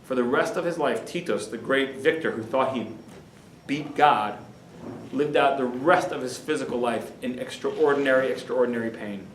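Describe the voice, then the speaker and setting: Rabbi telling a story in a roomy hall. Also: male voice, medium pitch, normal speed, a little hiss or hum. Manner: animated, dramatic storytelling. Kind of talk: storytelling lecture.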